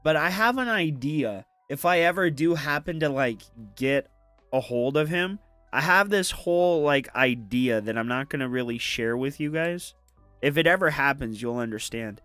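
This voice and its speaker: A man's voice: fairly high pitch, lively intonation, moderate pace, fairly bright tone, no echo, faint music behind. A man co-hosting a stream in casual banter, often laughing.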